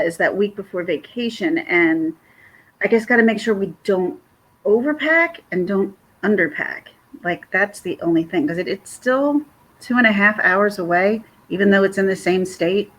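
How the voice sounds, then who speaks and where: A middle-aged woman from Philadelphia chats loosely on a livestream at an ordinary pitch. Her voice is husky and breathy, and she wanders from one thought to the next while stopping to greet viewers. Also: moderate pace, fairly bright tone, low-quality recording. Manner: chatty, rambling, reads viewer comments aloud. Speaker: livestream co-host. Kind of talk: casual livestream chat.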